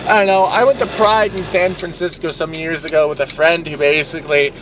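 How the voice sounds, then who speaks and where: A man vlogging from his car in a parking lot, ranting sarcastically and swearing, breaking into mocking high yells. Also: fairly even intonation, brisk, noisy background. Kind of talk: casual vlog ranting while driving.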